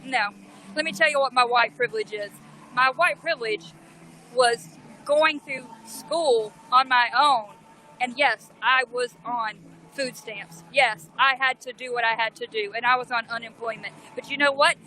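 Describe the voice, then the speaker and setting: A woman's voice: on the high side, measured pace, pushed and bright, a little hiss or hum, low-quality recording. A woman with a Southern US accent, livestreaming on her phone, talking bluntly and indignantly in a defiant rant. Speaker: livestreamer at a protest.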